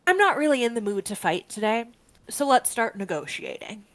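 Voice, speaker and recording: A woman's voice: on the high side, big pitch swings, moderate pace, a bit bright, no echo. A woman voicing a cranky female bog witch who guards her swamp and talks in a chatty, smug, bargaining way.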